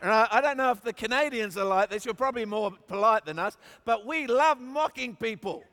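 Brief: Australian preacher, high voice, jokey then shouting for emphasis, long reverb of a big church hall. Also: male voice, fairly quick. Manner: emphatic, joking, rises to shouts. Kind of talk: sermon.

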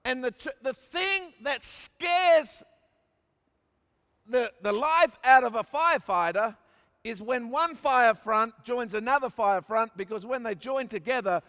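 Aussie guy preaching, really high voice, swings quiet to shouting, big echoey hall. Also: animated, unhurried. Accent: Australian. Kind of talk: sermon. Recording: long hall reverb.

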